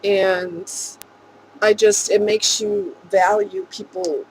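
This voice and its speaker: A woman speaking earnestly and emotionally in a rambling vlog monologue, with soft laughs. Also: medium pitch, steady tone, slow pace, a little hiss or hum, poor audio. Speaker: vlogger.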